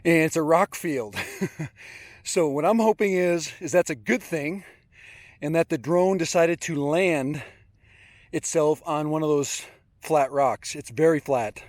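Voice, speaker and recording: A man's voice: fairly high pitch, measured pace, dry recording. A man narrating a casual outdoor vlog while hiking through open country, chatty and rambling and often chuckling. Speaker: drone hobbyist vlogger.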